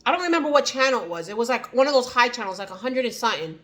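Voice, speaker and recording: A woman's voice: fairly high pitch, animated, rapid-fire, fairly bright tone. A woman with a New Jersey accent chatting casually to the camera in an eat-and-chat vlog, rambling with many fillers and restarts. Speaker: vlogger.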